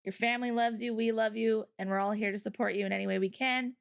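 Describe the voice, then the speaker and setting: A woman hosting a livestream in chatty, upbeat casual talk, quick to laugh. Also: fairly high pitch, steady tone, creaky. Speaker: streamer host.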